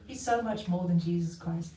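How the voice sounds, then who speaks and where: Woman, storyteller, animated, acts out quoted voices, echoey room, distant from the mic. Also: on the low side, moderate pace, a little hiss or hum. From the West. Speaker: storyteller sharing a memory. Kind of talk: casual spoken testimony. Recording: roomy, distant mic with faint ambience.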